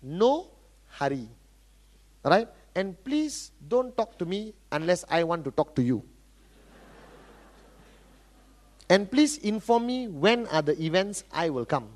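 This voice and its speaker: A man's voice: fairly high pitch, big pitch swings, pitched below the performer's own voice. A man acting out a lazy, complacent recruit who is in no hurry. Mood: lazy, smug. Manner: slow, languid.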